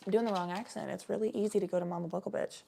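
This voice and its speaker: A woman's voice: mid-range voice, fairly even intonation, rapid-fire, creaky, mellow, slight background noise. A woman chatting casually on a live stream, giving a tarot reading in a rambling, swearing way.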